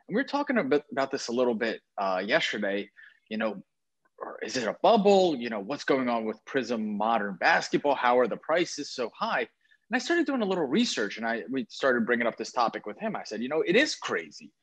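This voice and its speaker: Talking briskly in a mid-range voice, a man co-hosts a podcast while traveling away from home. He's lively and enthusiastic about sports cards, frequently correcting himself mid-thought.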